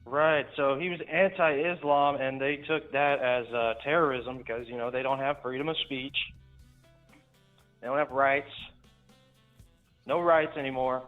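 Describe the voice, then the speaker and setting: A man's voice: medium pitch, steady tone, a little slow, pauses often, faint music behind. A man calling in to a talk show, speaking hesitantly with many fillers. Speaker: caller. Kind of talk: casual call-in talk. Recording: tinny phone line.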